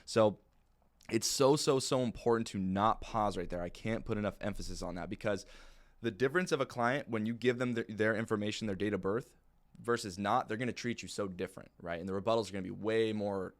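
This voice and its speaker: Speaking fairly quickly with a fairly low pitch, this young insurance sales trainer teaches how to handle sales calls. His casual training talk is plain and packed with filler words.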